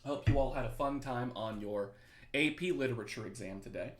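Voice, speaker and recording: Young male teacher, relaxed livestream banter, medium pitch, echoey apartment room. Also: a little fast. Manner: chatty, joking, reads chat aloud. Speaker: teacher hosting a review livestream. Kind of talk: casual livestream chat to students. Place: his apartment.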